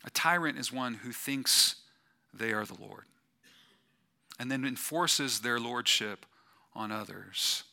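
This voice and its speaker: A man preaching a sermon as pastor to his church, deliberate, swelling to emphasis and dropping quiet. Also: lowish voice.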